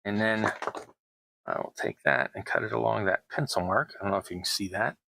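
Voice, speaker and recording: Man, middle-aged, gravelly low voice, bright edge, dry close sound, rambling craft chat. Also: animated, brisk, dry recording, rough recording. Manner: chatty, self-deprecating, rambling asides. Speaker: terrain crafting YouTuber. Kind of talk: casual crafting narration.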